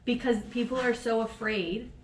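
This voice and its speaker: A woman's voice: fairly high pitch, normal speed, slight background noise. Swearing, laughing woman in a roomy echo. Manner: swears freely, animated and laughing. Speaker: podcast co-host. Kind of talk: casual chat. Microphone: video podcast mic. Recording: roomy echo, a bit off-mic.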